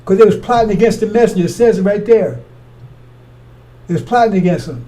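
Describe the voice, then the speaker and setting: A man delivers a heated sermon in a high, dark-toned voice. He accuses and repeats his points as he works through scripture. His voice sounds distant from the microphone. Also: brisk. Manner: accusatory, repetitive, preaching from scripture. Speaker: preacher. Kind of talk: fiery scripture commentary.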